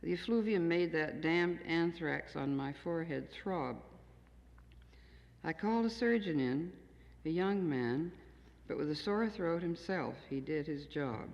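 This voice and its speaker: A woman in her sixties, a poet, gives a plain, measured reading of her own poems to an audience in a lecture hall. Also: sits low, animated, a little mellow. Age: 60s. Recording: dull 1970s tape in an echoey hall.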